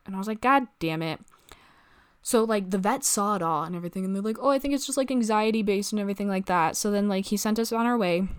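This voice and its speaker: Rambling young woman full of "like". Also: medium pitch. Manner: rambling, peppered with "like" and swearing, acts out quoted people. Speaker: vlogger. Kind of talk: casual storytime chat.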